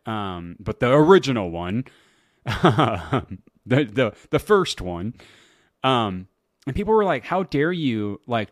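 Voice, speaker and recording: A man's voice: lowish voice, no echo, clean studio sound. Profane, laid-back podcast host man. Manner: loose, profane, laughs at his own stories. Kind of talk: casual solo podcast talk.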